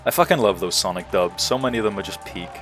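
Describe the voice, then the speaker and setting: Young man, gaming streamer, lively sweary storyteller, game music faint behind. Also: lowish voice, fast talker. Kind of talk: casual gaming livestream chat.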